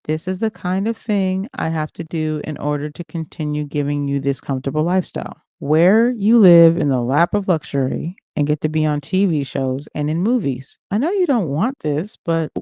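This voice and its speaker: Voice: medium pitch, expressive, normal speed, hardly any pauses, warm tone, no echo, muffled recording, natural voice. A reader voicing a pushy, controlling rich man. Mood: coaxing.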